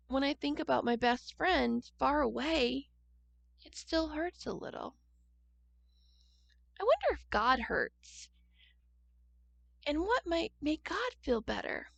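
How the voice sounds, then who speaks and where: A woman reads a children's story aloud in a gentle, expressive manner, stopping now and then to put questions to young listeners. Her voice sits a little high with a gravelly edge, and the recording is dry and close. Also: slow pace, pauses often, no echo. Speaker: church storyteller.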